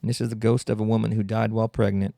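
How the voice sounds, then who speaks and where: A man's voice: lowish voice, little pitch movement, racing, creaky, warm tone, dry recording, studio quality. A man hosting a solo comedy podcast, rambling and mocking in a sarcastic tone. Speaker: podcast host.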